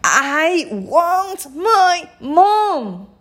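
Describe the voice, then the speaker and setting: A woman's voice: extremely high pitch, gravelly, pitched above the performer's own voice, full character voice. A woman voicing a clingy, whiny little girl princess in a storybook reading, drawing out her wails. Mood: wailing. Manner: drawn-out wailing.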